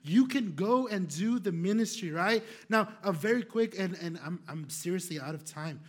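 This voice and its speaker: A young male pastor telling a story in a sermon, animated and laughing, with many fillers. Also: sits high, moderate pace.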